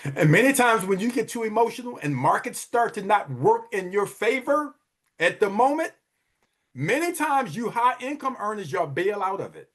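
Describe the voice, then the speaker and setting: Animated, high-pitched man preaching about money. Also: normal speed. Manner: emphatic, preachy, repeats phrases for effect. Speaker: wealth advisor and podcast host. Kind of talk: motivational money talk.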